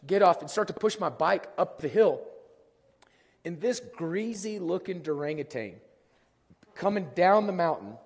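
Hoarse pastor guy, kinda high voice, joking around about himself, big echoey church hall. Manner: self-deprecating storytelling, lively and joking. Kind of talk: sermon. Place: church sanctuary. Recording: long hall reverb.

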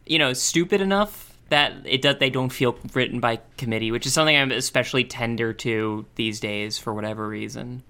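Man, podcast co-host, casual chat, playful, rambling, bright tone. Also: mid-range voice, brisk, few pauses, smooth.

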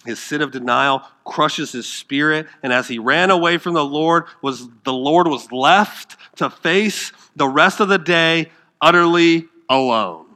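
A man delivers a sermon as pastor, with a fairly high, bright, forceful voice. He is dramatic, swinging from loud emphatic bursts to hushed near-whispers. He puts questions to his listeners and acts out the quoted lines. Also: a little slow.

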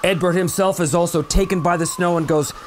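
A man's voice: high voice, steady tone, brisk, slight background noise. A man narrating a tabletop role-playing game as game master, telling the story dramatically with fillers and restarts.

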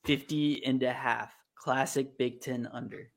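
Man, podcast host, brisk and matter-of-fact while reading sports picks. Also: medium pitch, steady tone, creaky. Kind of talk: casual sports betting chat.

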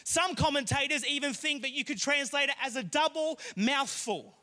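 A young man preaching a sermon, telling a funny personal story with lively energy and sometimes rising to a shout. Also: very high-pitched, moderate pace.

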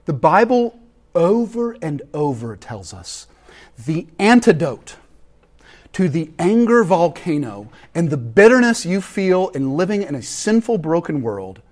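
Animated preacher man. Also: fairly high pitch, slow pace. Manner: animated preaching with sudden loud peaks and hushed drops; conversational and joking with the congregation. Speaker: pastor. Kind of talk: sermon.

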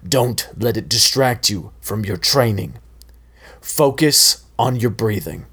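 A man voicing a gruff, hot-tempered male karate sensei who barks orders and swears in a storybook reading. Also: fairly low pitch, slow pace, a bit bright, full character voice. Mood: even. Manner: barking, profane, growling.

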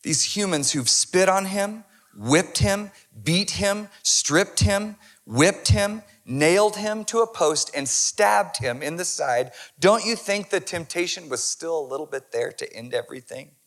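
Man, pastor, sermon, impassioned, fairly high-pitched, hushed to loud. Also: animated, unhurried, hardly any pauses.

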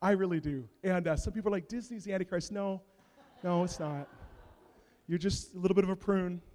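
A man in his thirties, a pastor preaching and telling a comic family story with big swings in loudness. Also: high-pitched, steady tone, a little fast. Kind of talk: sermon. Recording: long reverb of a large hall.

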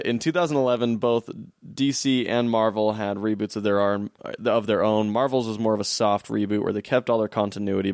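Low-voiced man co-hosting a casual podcast. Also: clear, resonant tone, dry recording, clean studio sound. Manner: laughs often, teasing. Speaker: podcast co-host. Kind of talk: casual chat.

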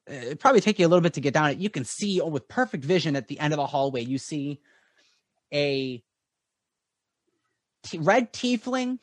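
A man narrating as game master of a tabletop game, rambling with many pauses. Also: a little high, lively intonation, no echo.

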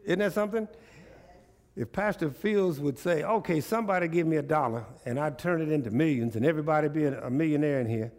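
A male pastor preaching a sermon, animated and repetitive, drawing responses from the congregation. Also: on the high side, a little fast.

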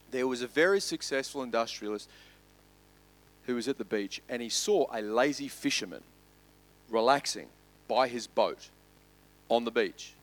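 A male pastor preaching a sermon, swinging from loud to hushed. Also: medium pitch, low-quality recording.

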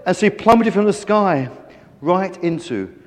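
A man reading a children's story aloud with animated, playful emphasis. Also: sits high, moderate pace, big-room sound.

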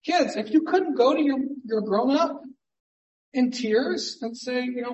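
A man's voice: very high-pitched, a little slow, darkish tone, dull audio. Man preaching in an echoey church. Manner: earnest, conversational preaching with rhetorical questions. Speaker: pastor. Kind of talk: sermon. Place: church sanctuary. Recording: echoey church hall from far off.

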